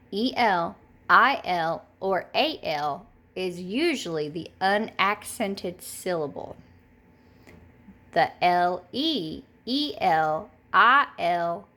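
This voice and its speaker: Slow, patient woman teaching phonics. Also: on the low side, pushed and bright. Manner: slow, patient, repeats each word twice. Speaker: third grade teacher. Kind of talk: recorded classroom phonics lesson.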